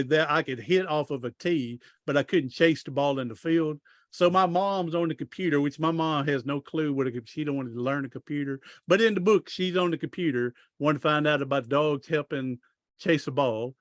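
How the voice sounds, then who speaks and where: Guy rambling through stories, bit high voice, dry close sound. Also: moderate pace, no room sound. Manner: rambling, restarts sentences, folksy grammar. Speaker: podcast guest, author and speaker. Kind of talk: casual storytelling interview.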